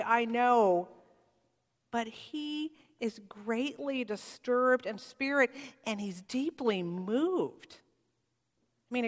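Slow-spoken woman preacher in a reverberant hall. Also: a little high. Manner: heartfelt, reflective preaching with rising emphasis and quiet pauses. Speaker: pastor. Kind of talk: sermon.

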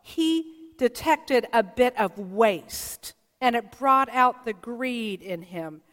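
A woman pastor delivers her sermon in a fairly high voice, earnest and warmly storytelling as she quotes the people in her stories. Her words ring out with a long reverb, as if carried through a church sanctuary. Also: lively intonation, slow.

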